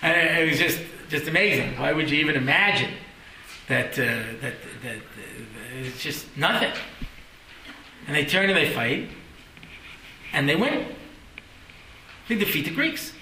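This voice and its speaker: A man's voice: a little high, expressive, measured pace, pauses often, bright, forceful tone, echoey room, poor audio. A man teaching a Torah class, telling stories with jokes and acted-out voices and often checking in with "yeah?".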